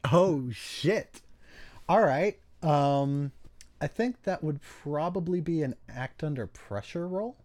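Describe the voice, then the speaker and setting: A man narrating a tabletop game as game master, with many pauses and restarts. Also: on the high side, expressive, darkish tone, dry recording. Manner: hesitant, many ums and restarts.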